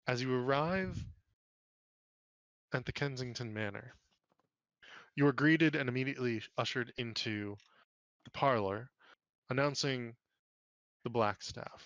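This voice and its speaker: A man's voice: medium pitch, measured pace, pauses often, no room sound, muffled recording. Man narrating as dungeon master. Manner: relaxed, frequent ums and uhs. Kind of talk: narrating a tabletop game.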